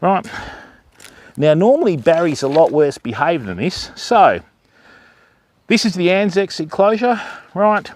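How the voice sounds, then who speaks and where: Australian male livestream host, slightly high and very animated voice, chats casually with viewers and coos at the animals outdoors. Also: unhurried, pauses often. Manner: chatty, greets viewers and coos at animals in a raised voice. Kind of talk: live-stream walkthrough chatting with viewers. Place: outdoor wildlife park enclosure.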